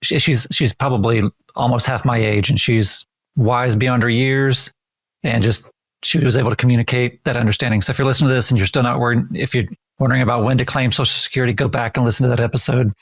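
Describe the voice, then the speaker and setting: A man's voice: medium pitch, fairly even intonation, fast talker, no room sound. A man co-hosting a podcast in a casual chat, playful and joking, often restarting his sentences. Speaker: podcast co-host.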